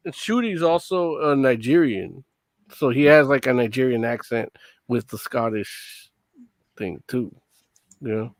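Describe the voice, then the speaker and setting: A man's voice: medium pitch, animated, a little slow, dry recording. A man on a discussion panel, explaining things casually and tagging lines with "you know?". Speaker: podcast panelist.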